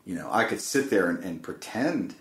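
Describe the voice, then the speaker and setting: A man telling a personal story in a reflective, casual conversation, speaking haltingly, often repeating words. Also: low-pitched, animated, fairly bright tone. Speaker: podcast guest. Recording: roomy echo.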